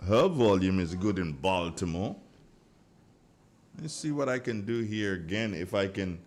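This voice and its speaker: A man hosting a live morning radio show from a studio, chatting casually and rambling as he reads out listener greetings. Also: on the low side.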